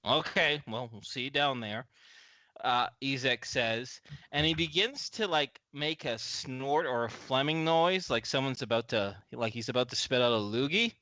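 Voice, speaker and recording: A man narrating as game master in a relaxed, filler-heavy way, recorded through a slightly muffled mic. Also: mid-range voice, moderate pace, no room sound.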